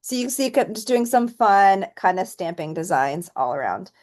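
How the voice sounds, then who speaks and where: A woman teaching a relaxed painting tutorial, chatting and thinking aloud as she works and counting softly while she stamps. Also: medium pitch, moderate pace. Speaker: painting instructor. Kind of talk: relaxed step-by-step art tutorial.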